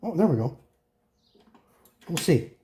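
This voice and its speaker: Lively, mellow-voiced man in his shop. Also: on the high side, slow pace, slight background noise. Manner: chatty, talks to viewers while working, self-correcting. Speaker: host fixing a lawn mower. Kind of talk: casual workshop vlog narration. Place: home repair shop.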